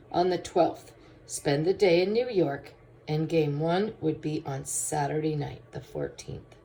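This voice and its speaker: A woman reading a children's storybook aloud in a steady first-person narration. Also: sits low.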